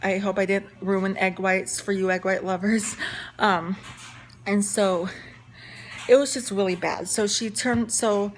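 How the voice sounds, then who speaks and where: A woman's voice: medium pitch, fairly even intonation, measured pace, a little hiss or hum. A young woman telling a casual story-time vlog, chatty with lots of fillers and restarts. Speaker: vlogger.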